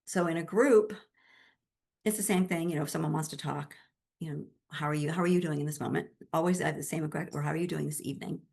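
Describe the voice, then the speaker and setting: A woman speaks in a low, slightly gravelly voice, talking as a grief support specialist in an interview. Her manner is emphatic yet gentle, and she keeps it conversational. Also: steady tone, fast talker. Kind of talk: interview answers.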